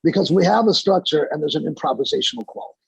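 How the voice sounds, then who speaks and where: Gravelly, husky man musing as a guest. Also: high voice, animated, no room sound, poor audio. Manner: musing, halting, with many fillers. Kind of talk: reflective podcast talk.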